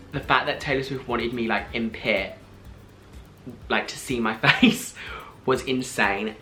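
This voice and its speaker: A man in his twenties, telling a story to camera in an excited, gushing way, full of "like" and breathless restarts. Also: mid-range voice. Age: 20s. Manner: gushing, fast, filler-heavy with frequent "like". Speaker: vlogger.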